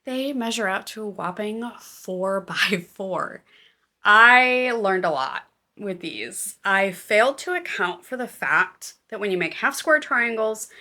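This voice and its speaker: A woman hosting a casual knitting and crafts podcast, chatty and excitable with a self-deprecating manner. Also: medium pitch. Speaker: podcast host. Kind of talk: casual chat.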